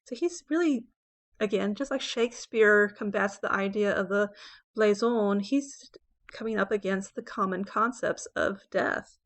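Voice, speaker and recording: A woman teaching poetry in an explanatory lecture voice. She checks in with her listeners as she goes and slows right down to read lines of verse with weight. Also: medium pitch, a bit bright. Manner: explanatory, reads verse slowly and dramatically. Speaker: English professor.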